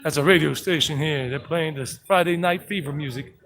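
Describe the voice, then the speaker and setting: A man's voice: fairly high pitch, a little fast, a bit bright. Chatty man vlogging on a noisy street. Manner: chatty, joking asides. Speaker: travel vlogger. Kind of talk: casual walking tour live stream. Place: outdoor town streets. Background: street noise and vehicles.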